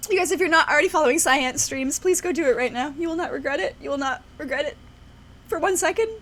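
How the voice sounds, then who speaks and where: Speaking quickly in a high, fairly bright voice, a young woman streamer talks casually to her viewers. Her emotional chat rambles with lots of restarts, and she laughs frequently while teary and struggling to hold back tears.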